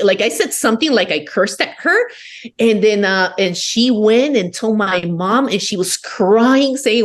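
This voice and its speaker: A woman's voice: mid-range voice, lively intonation, normal speed. A woman from Peru, a podcast guest, telling her own story bluntly and with lots of swearing. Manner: blunt, profane, emphatic. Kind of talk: candid personal storytelling.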